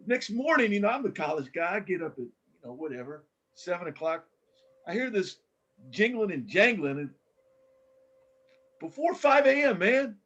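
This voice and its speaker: An older man, a former coach, telling stories in a casual interview, animated and full of restarts. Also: high voice, moderate pace, pauses often, lo-fi sound. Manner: animated storyteller with many restarts.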